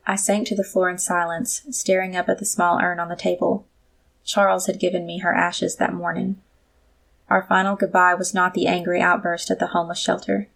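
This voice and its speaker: A woman narrates a first-person story in the even manner of an audiobook reader. Her voice sits low, with a gravelly, fry-touched texture. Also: moderate pace.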